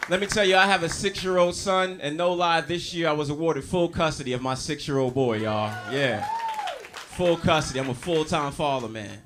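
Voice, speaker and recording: A man performing a brash, loud stand-up comedy set in a small comedy club. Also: on the high side, moderate pace, noisy background. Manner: loud, brash, crowd-working delivery. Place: comedy club in a diner, live audience.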